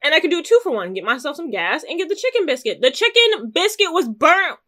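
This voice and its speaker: A female podcast co-host tells an animated, casual story packed with swearing and quick asides, and she bursts into loud high squeals each time she quotes her own words.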